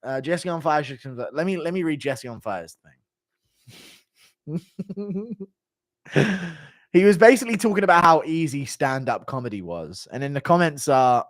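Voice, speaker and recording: A man's voice: on the high side, animated, moderate pace, long pauses, no room sound, clean studio sound. A man streaming casual commentary, blunt and mocking, swearing casually as he reacts to a clip.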